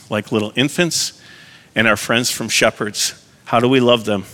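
Male lay preacher, conversational and self-deprecating sermon delivery, bright voice. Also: mid-range voice, moderate pace. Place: church. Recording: long hall reverb.

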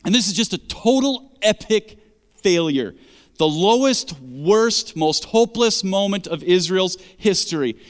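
A man's voice: sits high, animated, measured pace, in a large hall. A man preaching a sermon as pastor, emphatic and conversational, asking the congregation rhetorical questions.

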